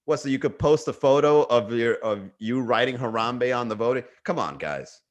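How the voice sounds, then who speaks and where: A man's voice: medium pitch, animated, moderate pace. A man hosting a comedy livestream, chatting casually in a rambling, jokey way and reading viewer comments aloud. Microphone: webcam or desk mic for a livestream.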